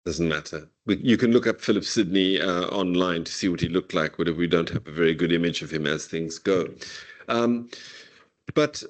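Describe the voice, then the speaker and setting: A man giving a university lecture on poetry over a video call, talking casually and peppering his points with "okay" and "whatever". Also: low-pitched. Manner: reads verse aloud slowly and deliberately. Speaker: literature lecturer. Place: online meeting.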